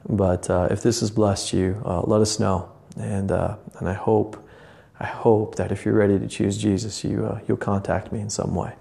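A man's voice: lowish voice, flat delivery, moderate pace, creaky, mellow. A man, a lay pastor, preaching a passionate, earnest podcast sermon that rambles with restarts. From Indiana, USA.

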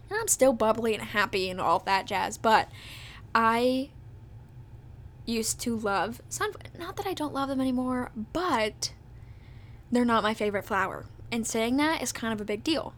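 A woman's voice: a little high, a little hiss or hum. A woman in her twenties hosting a podcast, chatting casually and bubbly, full of "like" and "literally". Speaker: podcast host. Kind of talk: casual chat.

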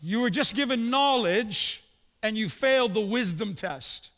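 A man preaching a sermon in a big hall, his very high voice trailing off into long reverb. He talks to the congregation in a conversational way, throwing in rhetorical questions and quick personal anecdotes. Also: animated, fairly bright tone. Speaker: pastor.

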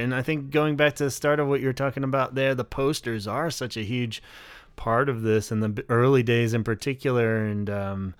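A male podcast host speaks in a smooth, clear voice at a middle pitch. He talks casually and relaxed, with frequent "um" and "uh." The sound is dry and close. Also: no room sound.

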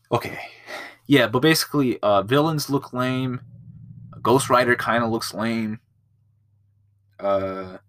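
A man hosts a casual movie-review podcast, rambling, swearing a lot and using plenty of filler words. His voice is fairly low and a bit bright, with no echo.

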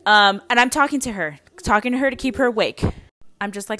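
A woman's voice: a little high, fast, pushed and bright. A young adult woman hosting a podcast, telling a personal story in a casual, rambling way with many fillers and restarts. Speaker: podcast host.

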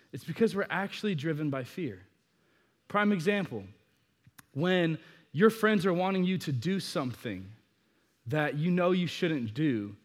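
A young man preaching to a youth crowd in a casual storytelling way, swinging from hushed asides to loud bursts. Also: high voice, long reverb tail.

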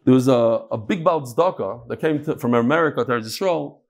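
A man giving a casual Talmud lesson, explaining the text and telling jokes with animated storytelling. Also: fast. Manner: animated storytelling, lively shifts in pitch. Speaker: Talmud teacher.

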